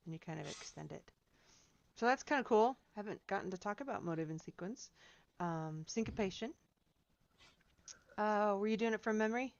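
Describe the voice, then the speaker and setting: A woman's voice: medium pitch, animated, normal speed, pauses often, muffled recording. A woman piano teacher giving chatty, encouraging feedback to students in a seminar, singing out rhythms as she explains.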